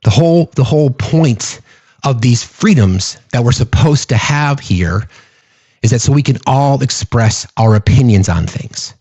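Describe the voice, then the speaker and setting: A man's voice: mid-range voice, expressive, measured pace, warm tone, slightly rough, dry recording. A man hosting a political commentary show, speaking emphatically and repeating phrases for stress.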